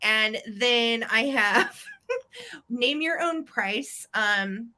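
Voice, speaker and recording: A woman's voice: on the high side, lively intonation, very slow, bright, forceful tone. A woman hosting a live online vintage sale, chatty and upbeat as she describes each item. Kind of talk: live online sales chat.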